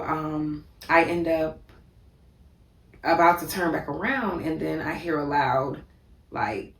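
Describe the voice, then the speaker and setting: A woman vlogger telling a personal story in a vivid, repetitive way, with many fillers. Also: deep voice. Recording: echoey room, distant mic.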